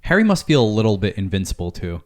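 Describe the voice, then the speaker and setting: A man's voice: on the low side, very animated, fast, darkish tone. A man co-hosting a podcast, talking in an easygoing, reflective way in a casual group chat. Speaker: podcast co-host.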